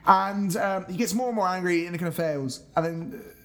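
Guy musing about a film, lots of restarts, slightly high voice. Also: fairly quick. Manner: thinks aloud, many restarts and hedges. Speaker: podcast co-host. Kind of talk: casual film review chat.

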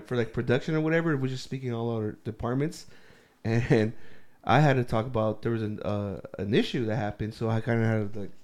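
Man co-hosting a casual talk, loose animated storyteller, salty language. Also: mid-range voice, fairly quick. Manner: rambling, swears a lot, animated storytelling. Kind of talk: casual chat.

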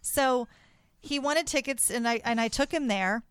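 Woman, podcast host, excitable, gushing, casual chat, fairly high voice, dry close sound. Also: a little slow, clear, resonant tone, no room sound.

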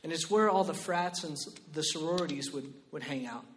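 A man preaching a sermon as pastor, shifting between loud, emphatic exhortation and quiet personal storytelling. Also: fairly high pitch, fairly quick, a little hiss or hum.

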